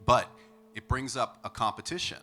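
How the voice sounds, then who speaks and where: A man's voice: mid-range voice, moderate pace, sharp tone, faint music behind. A middle-aged male vocal coach explaining singing technique in an upbeat way, often checking in with "okay?". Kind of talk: singing lesson with sung demonstrations.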